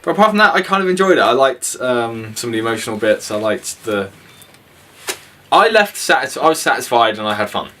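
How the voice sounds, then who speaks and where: A man's voice: medium pitch, very animated, a little fast, sharp tone, a little hiss or hum. A young man co-hosting a casual film review, blunt and opinionated, sweary, laughing often. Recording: voice from a distance.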